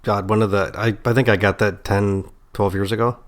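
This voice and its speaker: A man with a fairly low voice chats casually as a podcast co-host. He speaks in a loose, offhand way and drops the odd curse word. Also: little pitch movement, brisk. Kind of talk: casual music chat.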